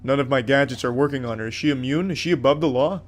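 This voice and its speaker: A man's voice: mid-range voice, fast. A man giving comedic gameplay commentary in a crude, sarcastic, mock-heroic way. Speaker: gaming commentator.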